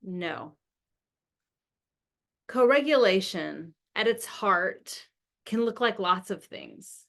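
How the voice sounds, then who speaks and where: Speaking slowly with a medium-pitched, animated, slightly bright voice, a middle-aged parenting expert earnestly explains her ideas to camera. She acts out what a parent might say with big emotion.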